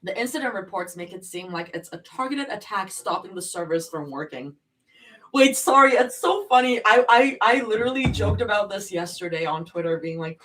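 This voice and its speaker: A woman's voice: mid-range voice, fairly quick, fairly bright tone, recorded from a distance, rough recording. A woman streamer reading fan fiction aloud live and reacting to it, casual and sweary, with apologetic asides.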